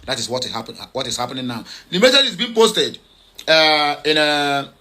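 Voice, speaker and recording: Bright and forceful, this man's slightly high voice is very animated at an ordinary pace as he comments on social media posts. Hesitant and urgent, he stumbles through fillers, corrects himself, and says the same things again and again.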